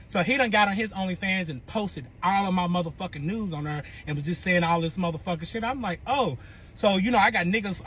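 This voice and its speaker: High-voiced man telling a wild story. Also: slight background noise. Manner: animated, profane, dramatic swings in pitch and volume. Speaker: storyteller recounting a breakup saga. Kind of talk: casual storytime monologue.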